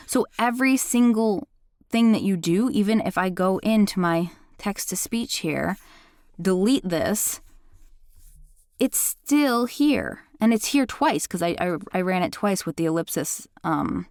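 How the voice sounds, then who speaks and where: Brief: New York woman, casual tutorial host, lowish and chatty, dry close mic. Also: no echo. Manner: chatty, self-correcting, enthusiastic. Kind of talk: casual screen-walkthrough.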